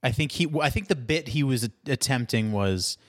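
Animated, swearing young man. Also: mid-range voice, moderate pace. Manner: animated, incredulous, profane. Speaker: podcast co-host. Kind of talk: casual chat.

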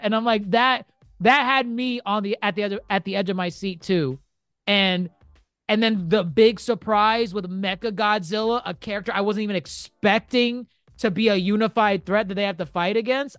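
A co-host in a casual movie review chat, speaking in a relaxed way with hesitant fillers and bits of laughter between words. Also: medium pitch, normal speed, no echo, clean studio sound. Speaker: podcast co-host.

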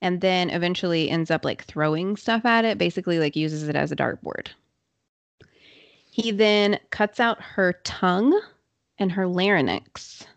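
A woman's voice: fairly low pitch, no echo. Chatty woman telling a true crime story. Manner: chatty, quick, uses filler words. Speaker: podcast host.

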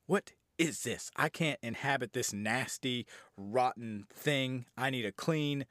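A man voicing a slow, sneering demon. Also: medium pitch, a bit bright, no echo, clean studio sound, close to an everyday voice. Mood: disgusted. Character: disgusted male demon rejecting a rotten host.

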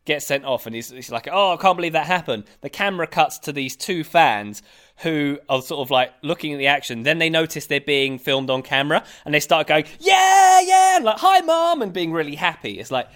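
Lively smooth-voiced British man. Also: a little high, a little fast. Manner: animated storyteller, acts out fans in a raised voice. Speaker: podcast co-host. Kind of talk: casual chat.

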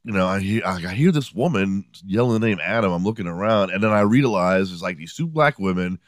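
A man's voice: deep voice, expressive, brisk, dry recording, clean studio sound. Profane, sardonic male podcast host. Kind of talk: comedic storytelling monologue.

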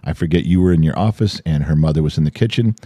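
An older man, co-hosting a podcast, chatting casually and telling animated stories with acted-out voices. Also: rumbling low, fast talker, dry recording, clean studio sound. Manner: animated storytelling, acting out voices. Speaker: podcast co-host. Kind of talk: casual chat.

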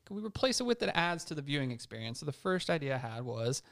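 A man's voice: a little high, sing-song, quick pace, gravelly, fairly bright tone. A man co-hosting a casual sports podcast, speaking thoughtfully and with some hesitation. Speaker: podcast co-host.

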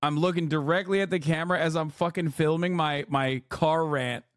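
A man's voice: on the high side, steady tone, normal speed, a little hiss or hum. A man hosting a live stream, reacting to video clips with mocking, profane commentary and laughing asides. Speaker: streamer host.

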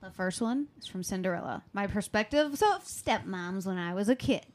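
A woman's voice: mid-range voice, animated, moderate pace. A woman reading memes aloud and giggling in casual comedy podcast banter. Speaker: podcast co-host.

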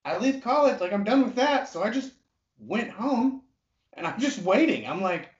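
Animated young man telling a story, lo-fi. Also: high-pitched, normal speed. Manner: animated, swearing, acting out quotes.

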